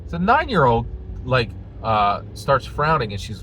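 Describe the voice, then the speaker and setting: Animated man ranting with lively pitch. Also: moderate pace, slight background noise, poor audio. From United States. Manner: animated, emphatic, acts out quoted voices, keeps asking "right?". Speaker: commentary vlogger. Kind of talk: casual storytelling rant.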